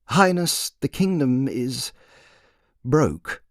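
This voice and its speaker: A man's voice: mid-range voice, sing-song, very slow, no room sound, pitched above the performer's own voice. A man voicing a patient royal servant who speaks formally, deferentially and with dry understatement.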